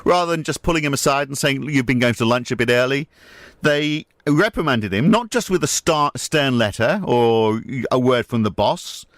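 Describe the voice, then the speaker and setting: A male radio host chatting casually in a wry, joking manner. His voice sits at an ordinary middle pitch. The studio sound is close and dry, with no room around it. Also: lively intonation, moderate pace, fairly bright tone, no room sound. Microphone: studio mic.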